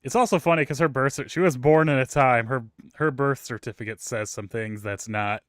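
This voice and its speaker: A man co-hosts a podcast in casual conversation, rambling through profane stories thick with filler words. His voice is medium-pitched and a bit bright, in a dry, clean studio recording.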